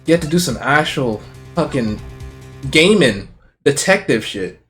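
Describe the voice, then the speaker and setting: A man's voice: fairly high pitch, unhurried, soft background music. A man streaming a game, commenting casually with lots of swearing and jokes. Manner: swearing, excitable, jokey.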